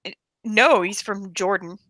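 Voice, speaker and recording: A woman co-hosting a casual chat, telling funny stories in an animated, laughing way. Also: mid-range voice, a little slow, no room sound.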